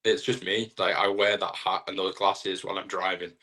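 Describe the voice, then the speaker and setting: A man's voice: low voice, flat delivery, moderate pace, bright, forceful tone. A young man, a wrestler, chatting casually in an interview in a rambling, self-deprecating way. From Britain. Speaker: wrestler guest.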